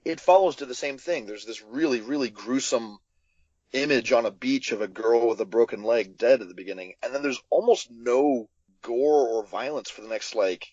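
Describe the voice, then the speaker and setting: A man's voice: medium pitch, moderate pace, no room sound. Lo-fi man recounting a film shoot. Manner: animated storyteller, many fillers and restarts. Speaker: film director guest. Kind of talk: podcast interview.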